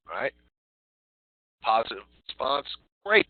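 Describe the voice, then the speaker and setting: A man's voice: medium pitch, measured pace, long pauses, no room sound. A man giving a step-by-step training talk to call center agents, often checking in with "all right". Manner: repeats "all right" and "so" while walking through steps. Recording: tinny phone-like recording.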